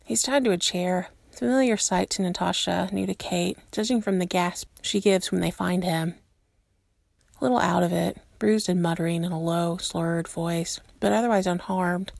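A woman narrating a story aloud in a steady, measured way. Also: fairly low pitch, vocal fry, dry recording, studio quality. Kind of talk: reading fan fiction aloud.

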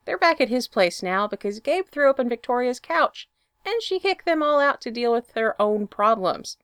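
A woman reads a story aloud with a lively, expressive delivery. Her voice sits on the high side and moves a lot. The recording is dry and close. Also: moderate pace, clear, resonant tone, no echo. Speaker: fan fiction reader. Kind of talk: storybook narration.

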